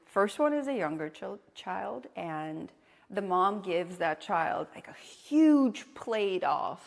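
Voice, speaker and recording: A woman's voice: medium pitch, animated, slow, vocal fry, long reverb tail. A young adult woman streaming and chatting casually with viewers, telling blunt stories with plenty of swearing. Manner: blunt, swears freely, storytelling.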